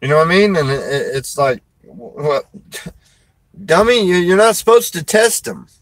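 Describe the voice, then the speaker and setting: A man's voice: fairly high pitch, lively intonation, unhurried, no room sound, low-quality recording. Folksy preacher man, rambling. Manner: folksy, rambling, laughs often. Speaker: preacher and show host. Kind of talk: casual chat.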